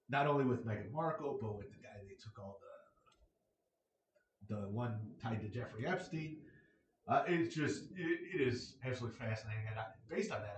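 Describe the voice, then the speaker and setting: A man's voice: medium pitch, slight background noise. Rambling middle-aged man in echoey room. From United States. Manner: rambling, joking, opinionated. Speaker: podcast host. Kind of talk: casual solo monologue. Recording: echoey room, mic at a distance.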